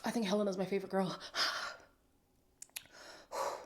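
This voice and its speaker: A woman hosts a reality TV recap, offering casual reaction commentary in a sassy, opinionated, dramatic way, with sighs and sudden whispers. Her mid-range, darkish voice keeps fairly even intonation at a normal speed.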